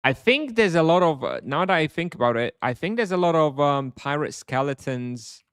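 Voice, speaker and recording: A man's voice: a little high, expressive, moderate pace, fairly bright tone, smooth, no echo, clean studio sound. A man streaming a game live, chatting casually with his chat, thinking aloud with fillers and frequent chuckles.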